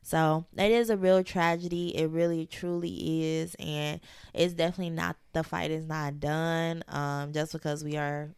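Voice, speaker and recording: Young woman, lowish gravelly voice, dry close mic, animated co-host. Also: normal speed, no room sound. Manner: animated, self-mocking, laughs hard. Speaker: podcast co-host. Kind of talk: casual chat.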